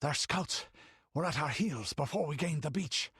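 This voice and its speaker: A man's voice: fairly high pitch, lively intonation, moderate pace, fairly bright tone, breathy edge, dry recording, studio quality, voice pushed up, heavily acted. A man voicing a hardened buccaneer in an audiobook, panting and breathless.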